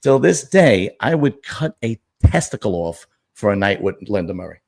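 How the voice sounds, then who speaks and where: Gravelly middle-aged male host. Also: on the low side, very animated, normal speed, a little mellow. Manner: blunt, crude and joking. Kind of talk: casual chat.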